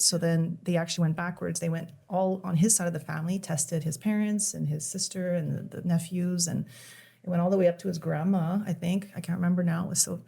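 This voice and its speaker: A middle-aged woman telling a painful personal story on a podcast, emotional and halting, often restarting her sentences. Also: fairly low pitch, gravelly, a little mellow. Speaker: podcast guest. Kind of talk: conversational podcast.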